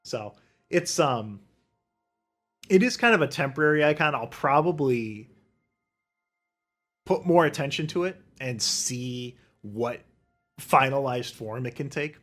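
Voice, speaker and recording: A man's voice: medium pitch, lively intonation, measured pace, pauses often, a bit bright, faint music behind. A young man hosting a solo podcast livestream, ranting in a heated, profane way and mocking people with sarcastic quoted voices. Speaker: podcast host.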